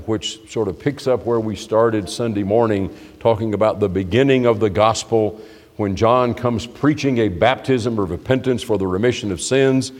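A man's voice: on the low side, a little mellow. A man preaching a sermon in a church hall, explaining scripture in a conversational way with frequent restarts. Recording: long reverb of a church hall.

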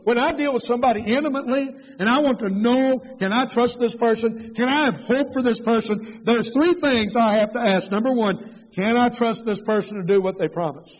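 A high-pitched middle-aged man delivers an emphatic sermon, firing rhetorical questions at his congregation. His voice climbs when he presses a point. Long reverb from a big church hall trails every phrase. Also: moderate pace. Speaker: preacher.

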